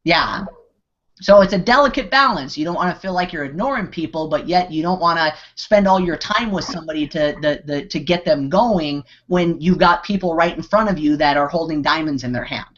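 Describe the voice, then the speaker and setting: A man's voice: fairly high pitch, brisk, a bit bright. A man hosting a live online Q&A, talking in a rambling way with many restarts and fillers. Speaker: host. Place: online video hangout. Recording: dull lo-fi video call audio.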